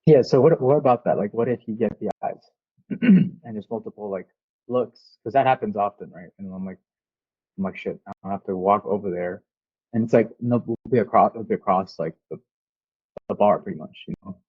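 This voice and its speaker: A man's voice: lowish voice, a little fast, slightly rough, no room sound, phone-quality sound. A man in a casual chat, asking hesitant, rambling questions full of fillers.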